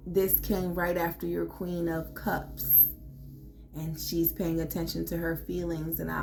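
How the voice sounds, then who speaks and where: A woman's voice: on the low side, vocal fry, a little mellow, slight background noise. A woman giving a casual tarot reading in a blunt, emphatic way, swearing freely as she urges her listeners on. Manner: blunt and profane; emphatic, pep-talk delivery. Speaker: tarot reader.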